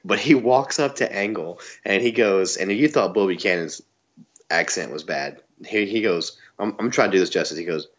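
On this lo-fi recording, a man from the US South with a low voice and moderate pace co-hosts a podcast. It's a casual wrestling recap full of laughter, delivered in a laid-back way with frequent "man" and "you know."

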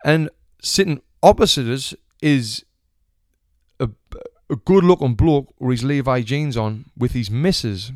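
A man's voice: medium pitch, measured pace, darkish tone, no echo, clean studio sound. A young man from England with a Sunderland accent, telling a casual story full of swearing and acting out the people in it. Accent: Sunderland English. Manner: chatty, swears freely, acts out the people in his story. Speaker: retired boxer telling a story.

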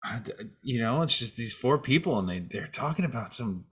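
A bewildered patient who keeps hearing voices, speaking in a hushed, halting way, as a man plays him. His pitch sits in the middle. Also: animated, breathy edge. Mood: spooked.

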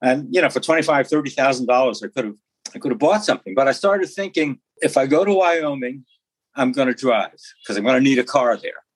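A man's voice: mid-range voice, animated, fairly quick, husky, dry recording, rough recording. A man chatting casually, rambling and mocking himself as he tells a story. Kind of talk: casual chat.

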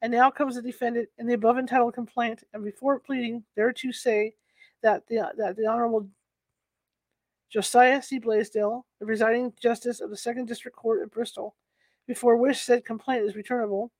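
A woman's voice: on the high side, level tone, fairly quick, no room sound. A woman reading a historical courtroom account aloud, stumbling over words and correcting herself as she goes. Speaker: narrator.

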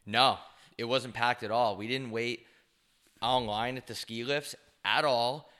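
A young man trades crude jokes and rambling stories with his co-host, his voice bright and forceful. He talks in loose, animated casual chat. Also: medium pitch, measured pace. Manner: crude, joking, animated storytelling. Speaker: podcast co-host.

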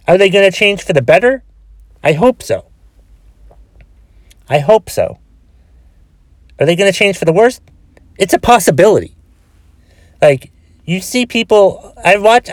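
This podcast host is sick with a cold and keeps coughing as he rambles alone on the mic, swearing a lot, frustrated, and starting over repeatedly. His voice is high-pitched and the recording is dry.

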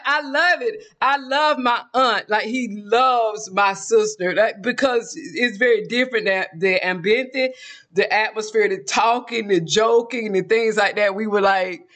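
A man with a Georgia drawl and a notably high voice talks straight to his viewers. He rambles casually from story to story and laughs often as he goes. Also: a bit bright. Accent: Southern US, Georgia. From South Georgia, US. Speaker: vlogger. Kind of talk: casual chatty monologue.

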